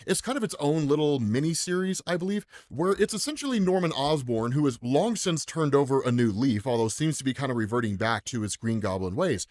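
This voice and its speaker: The American host of a comics commentary channel chats in a medium-pitched, expressive, slightly mellow voice, moving a little fast with hardly any pauses. He laughs often and keeps adding "right?" to what he says.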